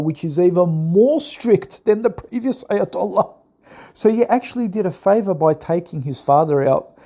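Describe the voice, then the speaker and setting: Gravelly-voiced man in sarcastic commentary. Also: on the high side, dark tone. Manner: sarcastic and mocking, mimics opponents in put-on voices. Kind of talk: political commentary monologue.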